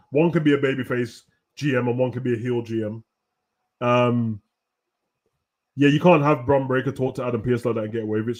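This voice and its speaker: A young man hosting a casual, animated wrestling rant full of slang, at times breaking into shouts. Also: medium pitch. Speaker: host. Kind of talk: casual ranting commentary.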